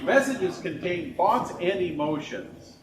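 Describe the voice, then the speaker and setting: A man's voice: high-pitched, expressive, slow pace, far from the mic, a crowd in the background. A man co-leading a workshop, jokey and demonstrative as he banters with his co-presenter. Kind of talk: lunchtime workshop talk. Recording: echoey room with faint noise.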